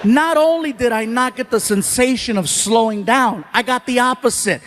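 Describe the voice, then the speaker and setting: High-voiced animated stand-up comedian, man. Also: moderate pace. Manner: animated, acts out voices and shouts. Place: comedy stage before a live audience.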